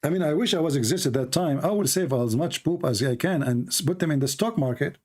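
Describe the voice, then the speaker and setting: Mocking higher-voiced man, Arabic native. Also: animated, fast talker, darkish tone. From Middle East. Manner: mocking, sarcastic. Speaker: religious commentator. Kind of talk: casual commentary over a video.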